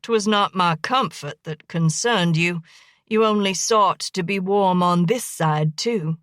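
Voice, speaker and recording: A woman's voice: fairly low pitch, slow pace, a bit bright, no room sound. Lady reading a jokey young guy, all mock-formal banter, dry booth sound. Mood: mock-hurt. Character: jovial young man, the husband's teasing brother.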